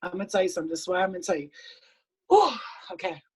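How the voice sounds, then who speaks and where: A woman's voice: lowish voice, big pitch swings, rapid-fire, breathy edge, poor audio. A woman on a video call giving a group member blunt, profane advice in a casual heart-to-heart. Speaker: spiritual reader hosting a group call.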